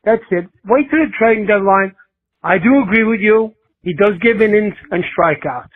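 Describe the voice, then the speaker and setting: An older man calling into a fan show, laying out a measured, cautious opinion. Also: high voice. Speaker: caller. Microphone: phone. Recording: tinny phone line.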